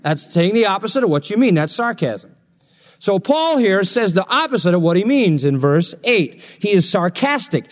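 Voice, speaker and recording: A male pastor preaching an expository sermon, animated and jokey, slipping into mocking sarcastic voices. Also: high-pitched, moderate pace. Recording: long reverb of a large hall.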